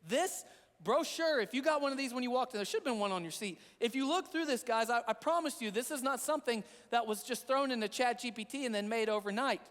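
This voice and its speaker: A man's voice: very high-pitched, fast, a bit bright, long reverb tail. A man preaching a sermon as a pastor, earnest and repetitive in a conversational way. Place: church sanctuary.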